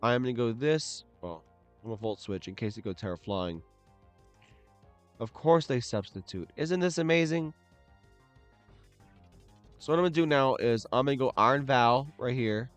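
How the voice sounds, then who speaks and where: A man's voice: mid-range voice, moderate pace, long pauses, soft background music. A young man giving casual play-by-play commentary on his own competitive match, talking through each move under his breath. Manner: muttered play-by-play, bursts into loud frustrated shouts. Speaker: gaming commentator. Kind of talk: live game commentary.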